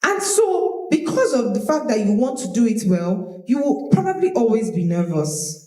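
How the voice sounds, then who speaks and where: A woman teaching public speaking to a live audience, animated and demonstrative, often repeating her words. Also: fairly high pitch, moderate pace. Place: large room with audience. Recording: roomy echo of a hall.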